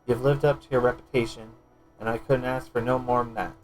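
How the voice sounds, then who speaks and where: A man doing a gruff folksy guildmaster. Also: medium pitch, fairly even intonation, soft background music, voice pushed down, lightly acted, low-quality recording. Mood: hearty. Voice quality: old-fashioned dialect, says ye and lass. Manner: reading quest text aloud, a bit halting.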